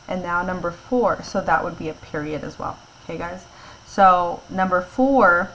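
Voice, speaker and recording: A woman teacher talks her class through a grammar lesson, slowly and patiently, checking in with them after each point. Her voice sits a little low, with a faint hum in the background. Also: fairly bright tone, low-quality recording. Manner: patient, explains step by step and checks in with "okay?".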